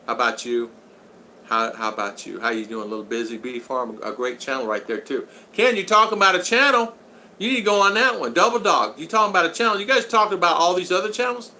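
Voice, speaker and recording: A man's voice: a little high, animated, fast, pushed and bright, a little hiss or hum, rough recording. Rambling folksy older man livestreaming. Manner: rambling and folksy, joking, repeats phrases. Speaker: channel host. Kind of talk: casual livestream chat reading viewer comments.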